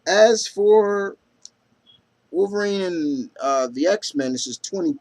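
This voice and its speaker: A man's voice: high voice, lively intonation, takes it slowly, a little mellow. A man talking casually in a comic book review vlog, rambling with lots of fillers, tripping over names and reading out quotes with enthusiasm.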